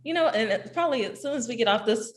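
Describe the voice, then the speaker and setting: A woman's voice: on the high side, animated, fast. A woman hosting a casual interview over a video call, asking questions in a friendly, chatty way.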